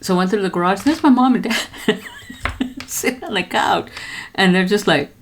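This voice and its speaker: An older woman vlogger telling a story in a casual way from her home studio, jumping high in pitch when she quotes others. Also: normal speed, a little hiss or hum. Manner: lively, jumps high when quoting others.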